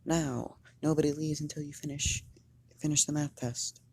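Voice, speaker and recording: A fan storyteller voicing a male tentacled alien teacher who lectures his students, with halting repeated words in fan story narration. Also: mid-range voice, level tone, gravelly, darkish tone, slightly rough. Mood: stern.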